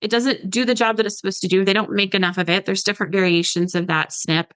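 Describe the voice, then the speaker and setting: A woman dietitian in her thirties guests on a podcast, explaining supplements in a relaxed way, full of "like" fillers and impressions of her patients. Her medium-pitched voice is steady, quick, slightly bright, clear and resonant. There's no echo, but the recording is rough.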